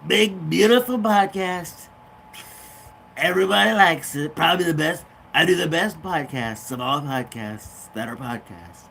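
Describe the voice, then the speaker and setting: A pompous older politician, as a man impersonates one, drawing out every superlative as he brags. The voice sits a little high and moves slowly. A faint hiss runs underneath. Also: creaky, pushed and bright, heavily acted. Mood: boastful. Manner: slow, drawn-out bragging with repeated superlatives. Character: boastful older male politician, pompous and self-praising.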